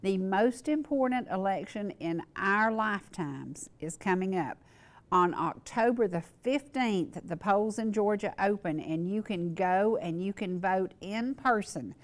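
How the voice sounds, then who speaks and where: A woman's voice: medium pitch, lively intonation, unhurried. Female talk show host, earnest and emphatic, repeats herself for stress. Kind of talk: casual local talk show monologue.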